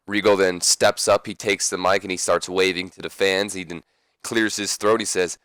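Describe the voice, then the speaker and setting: Brief: young male let's-player, lowish smooth voice, dry close mic, chatty. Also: steady tone, moderate pace, a bit bright, dry recording. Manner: chatty, reads event text aloud, self-deprecating asides. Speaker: let's play narrator. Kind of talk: casual game commentary and story reading.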